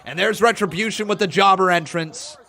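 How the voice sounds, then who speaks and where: A man commentating live as a streamer, chatty and excitable, reading chat messages and breaking into loud chants. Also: high-pitched, a little fast. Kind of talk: live watch-along commentary.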